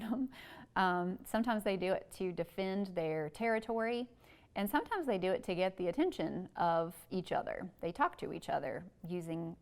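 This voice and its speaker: A young woman with a slightly gravelly, mid-range voice leads a children's story time at a museum. She reads in a sing-song, animated way, doing playful animal sounds for little listeners. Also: medium pitch. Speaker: museum educator reading to children.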